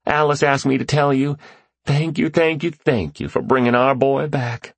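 A man's voice: fairly even intonation, normal speed, creaky, slightly rough, no room sound. A man voicing an overjoyed father leaving a phone message, his voice choked and exhilarated. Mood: grateful. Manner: choked, exhilarated voice, high and strained.

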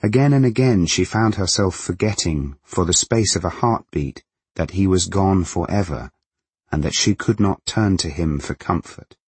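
A man narrating a novel in a measured, even manner. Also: low-pitched, husky, no echo. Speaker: audiobook narrator.

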